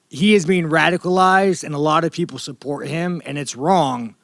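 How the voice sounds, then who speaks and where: Brief: man in his thirties, fighter at a media scrum, profane and rambling, slightly high voice, dry sound. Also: a little fast, hardly any pauses, fairly bright tone, no room sound.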